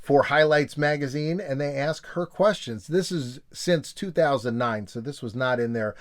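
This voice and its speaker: A man's voice: medium pitch, moderate pace. A man hosting a nostalgia video in a casual, joking tone, reading old magazine pages aloud and slipping into silly voices. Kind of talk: casual comedic commentary.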